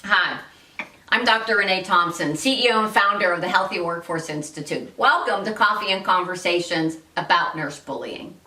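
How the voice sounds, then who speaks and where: A woman's voice: lowish voice, normal speed, sharp tone, distant mic. A woman hosting an instructional talk, coaching listeners directly and giving them example phrases to say. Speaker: host and workplace-civility coach. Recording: echoey room, voice a bit off-mic.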